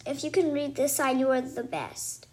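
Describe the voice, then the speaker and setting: A woman reading a children's chapter book aloud with expressive, animated storytelling. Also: high-pitched, normal speed, slight background noise. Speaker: reader.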